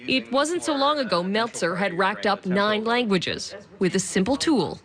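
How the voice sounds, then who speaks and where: A woman reporter reading scripted news narration in a measured, even way. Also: medium pitch. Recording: voice-over with background music.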